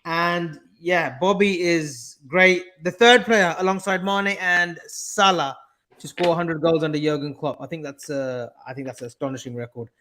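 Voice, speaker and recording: Man, co-host, high voice, chatty, teasing, football banter. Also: steady tone, normal speed, crowd noise. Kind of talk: casual football chat, reading super chats.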